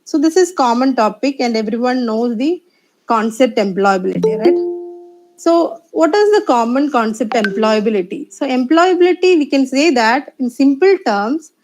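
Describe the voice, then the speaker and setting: Halting Indian English woman lecturer. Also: high-pitched, a little mellow, low-quality recording. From Kerala, India. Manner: hesitant, many uh fillers and restarts. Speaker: assistant professor presenting a talk. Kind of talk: online lecture presentation. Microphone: video call.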